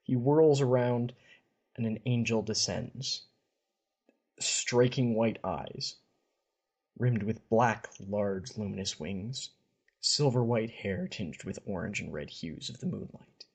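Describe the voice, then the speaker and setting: A man's voice: fairly low pitch, slow, gravelly, slightly rough. A man casually retelling a fantasy story on a podcast, chatty and wry. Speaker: podcast co-host.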